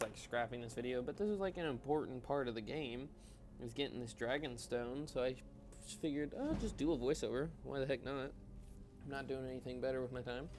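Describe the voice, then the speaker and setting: A man doing a casual, rambling voiceover over his own gameplay, chatting and poking fun at his own choices. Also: medium pitch. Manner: rambling, self-mocking, chatty. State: yawning, tired. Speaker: gaming channel host.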